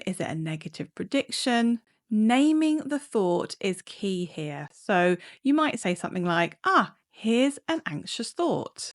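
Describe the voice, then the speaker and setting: A woman clinical psychologist explaining coping techniques in a calm, measured way. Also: medium pitch. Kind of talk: instructional talk to camera.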